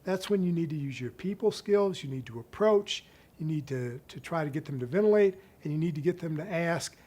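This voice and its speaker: Middle-aged male professor, slightly high pitch, calm explanatory teaching delivery. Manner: measured, explanatory, slows down to stress key points. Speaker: psychiatry professor. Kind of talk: instructional talk.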